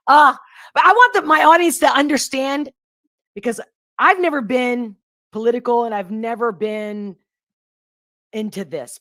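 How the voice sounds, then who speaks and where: A woman's voice: medium pitch, a bit bright, no room sound, studio quality. A woman interviewing a guest in casual conversation, who talks emphatically and acts out the voices of people she quotes. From grew up in Europe.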